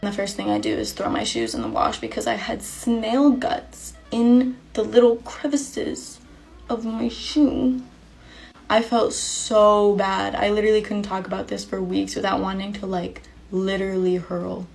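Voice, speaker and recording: A woman dramatically retelling a personal story in an animated way. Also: medium pitch, measured pace, gravelly. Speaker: storyteller in a social media clip.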